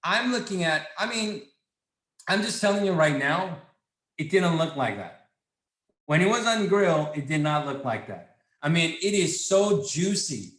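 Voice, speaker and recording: Excitable man in an echoey room. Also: on the high side, unhurried. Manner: excitable, repetitive, salesy. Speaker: company chairman leading a sales training. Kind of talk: enthusiastic product training talk.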